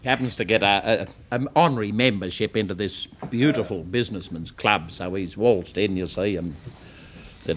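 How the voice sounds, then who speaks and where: A man's voice: on the low side, normal speed. Folksy Australian man spinning a yarn. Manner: folksy, keeps saying "you see". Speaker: comedian telling jokes. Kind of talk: drawn-out comic storytelling. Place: TV studio.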